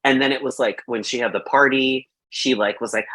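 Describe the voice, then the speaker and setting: A man hosts a relaxed film review chat in a middle-pitched voice. He rambles, leans on fillers and slips into quoting his own reactions. The sound is dry and close. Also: a little fast, hardly any pauses, no room sound. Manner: rambling, filler-heavy with lots of "like". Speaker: podcast host.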